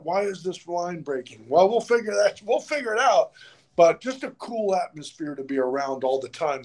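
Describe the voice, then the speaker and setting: A man who is a fishing guide, a guest on a podcast, explaining his craft in a relaxed, plain way. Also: fairly high pitch. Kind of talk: casual interview talk.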